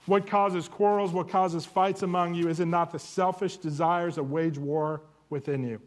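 A man in his forties with a slightly high voice, speaking in the manner of a sermon to a room full of people. He tells stories about himself frankly and makes fun of himself along the way, then turns them into a challenge for his listeners. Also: steady tone, moderate pace. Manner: candid, self-deprecating storytelling with humor. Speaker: church marriage ministry speaker. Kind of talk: sermon-style talk to a live audience.

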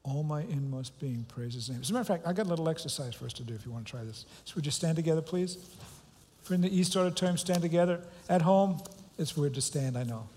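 Pastor guy preaching, leads the crowd in repeat-after-me verses, slightly high voice, big echoey hall. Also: animated, quick pace, darkish tone, slight background noise. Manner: leads congregation in call-and-response recitation. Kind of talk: sermon. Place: large church auditorium. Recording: long hall reverb with faint music.

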